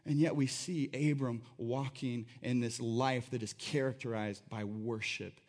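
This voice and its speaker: A man preaching a sermon in a conversational, animated way, acting out voices as he tells the story. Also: medium pitch, a little slow. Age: adult. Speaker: pastor.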